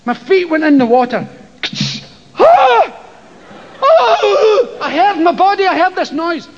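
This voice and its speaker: A man's voice: extremely high pitch, expressive, fairly quick. An older Scottish man doing stand-up, telling a profane story and acting out voices and screams. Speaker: stand-up comedian. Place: live comedy venue with an audience. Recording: lo-fi live show with crowd and noise.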